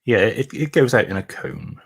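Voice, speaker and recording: A man co-hosting a livestream, explaining points in a measured way with halting restarts. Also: mid-range voice, breathy edge, no echo, studio quality. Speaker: livestream co-host. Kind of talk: casual commentary chat.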